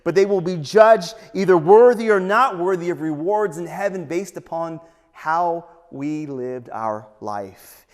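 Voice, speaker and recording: A man's voice: a little high, animated, measured pace. A man giving a sermon as pastor, earnest and conversational, telling stories to his congregation. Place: church sanctuary. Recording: long hall reverb, faint music behind.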